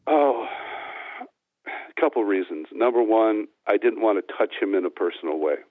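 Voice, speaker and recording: Man, earnest testimony guest, very low voice, thin phone-like sound. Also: lively intonation, moderate pace, dry recording. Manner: earnest, storytelling, frequent restarts. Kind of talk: personal testimony interview. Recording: tinny phone-like dry sound.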